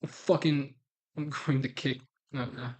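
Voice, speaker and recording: A man's voice: medium pitch, steady tone, unhurried, a little mellow. A man hosting a live stream, chatting casually in a profane, blunt way and laughing often.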